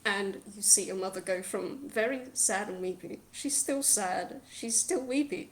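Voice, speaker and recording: A woman's voice: medium pitch, measured pace, few pauses. Woman game master in an echoey room. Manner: descriptive, laughs easily, emotive. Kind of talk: narrating a tabletop game. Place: home.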